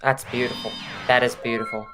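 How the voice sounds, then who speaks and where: An excitable commentator calling a card game match with emphatic hype. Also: medium pitch, fairly quick, over music. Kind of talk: lively play-by-play commentary.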